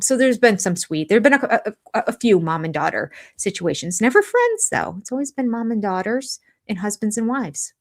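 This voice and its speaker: An older woman chats live with her viewers, her voice sitting a little low. She rambles casually, restarting her sentences and slipping into quoted asides as she goes. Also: big pitch swings, brisk, creaky. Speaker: livestream host of a reality TV recap channel.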